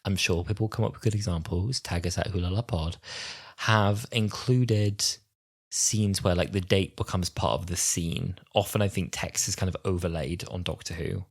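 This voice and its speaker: Lowish-voiced man in his twenties. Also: normal speed, husky. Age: 20s. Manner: playful, acts out quotes in exaggerated voices. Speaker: podcast co-host. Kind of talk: casual chat.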